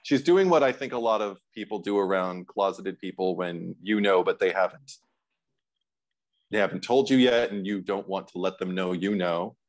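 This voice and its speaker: A man's voice: low-pitched, normal speed. A man co-hosting a casual film discussion podcast, talking animatedly with frequent restarts and bursts of laughter. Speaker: co-host.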